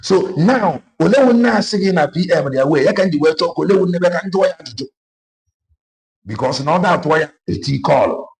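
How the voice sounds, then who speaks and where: A man's voice: on the high side, lively intonation, fast talker, creaky, darkish tone. A man with a Nigerian Igbo accent giving an impassioned political monologue, moving between Igbo and English with emphatic repetition. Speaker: online political commentator.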